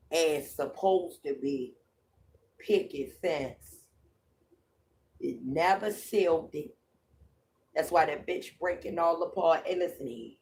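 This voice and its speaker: A woman hosting a livestream, telling a story in a profane, repetitive way. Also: a bass voice. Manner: slow, drawling, profane, repeats herself. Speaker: livestream host.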